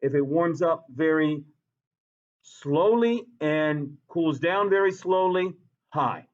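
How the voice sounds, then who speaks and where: Guy teaching science class, kinda high voice, slow and repetitive, muffled lo-fi sound. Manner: animated, repeats key points, quizzes students. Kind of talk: classroom lecture.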